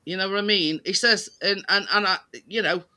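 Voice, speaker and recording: A high-pitched man rambles through secondhand stories in a casual chat. His voice is very bright and sharp, and he stumbles over words with plenty of fillers. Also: steady tone, smooth. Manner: rambling, halting, many fillers. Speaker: participant in a group chat.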